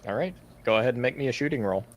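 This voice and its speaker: A man's voice: medium pitch, rapid-fire, slight background noise. Laid-back male game master narrating. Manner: relaxed, rambling with many fillers.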